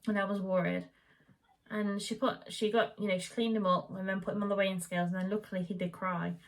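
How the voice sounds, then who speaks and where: A woman's voice: mid-range voice, quick pace. A young woman chatting casually at home, telling the story of her labour and birth. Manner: chatty, animated retelling, quoting the midwife in raised voice. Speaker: vlogger.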